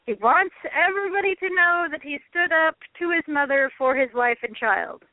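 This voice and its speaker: Woman with a really high voice, teasing and wry, sounds like a phone call. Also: animated, normal speed. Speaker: podcast co-host. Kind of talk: casual chat. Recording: tinny phone-line audio, dry.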